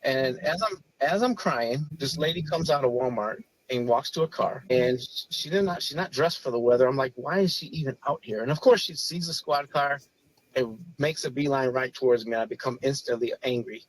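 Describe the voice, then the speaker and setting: A man in his forties, a podcast guest, telling a personal story in an earnest, halting way with frequent restarts. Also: mid-range voice, poor audio. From Chicago area. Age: 40s. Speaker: podcast guest, former police officer. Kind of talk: personal story, casual talk.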